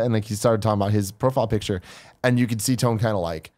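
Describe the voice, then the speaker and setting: A man's voice: fairly low pitch, steady tone, very fast, darkish tone. A man co-hosting a casual podcast chat, telling stories and acting out quotes in a raised voice. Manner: storytelling, acts out quotes in a raised voice. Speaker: podcast co-host.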